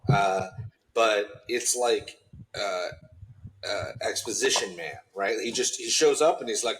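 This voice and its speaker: A man's voice: lowish voice, measured pace, a little hiss or hum, rough recording. A man co-hosting a horror film podcast, making wry, sarcastic asides in casual chat. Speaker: podcast co-host.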